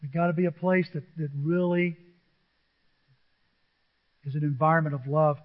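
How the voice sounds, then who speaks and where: Male pastor, high voice, animated sermon, acts out quotes, reverberant church hall, muffled recording. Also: normal speed. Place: church sanctuary. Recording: dull lo-fi audio in a large reverberant hall.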